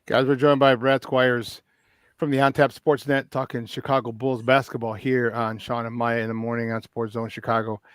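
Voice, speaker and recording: A male sports talk radio host, excitable and rambling, repeating words as he talks. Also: medium pitch, normal speed, smooth, no room sound, studio quality.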